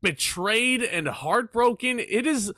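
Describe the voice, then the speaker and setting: Male guest cohost, bright, higher-pitched, dry close sound, excitable. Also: dry recording. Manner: excitable, quick, peppered with "like". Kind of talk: casual chat.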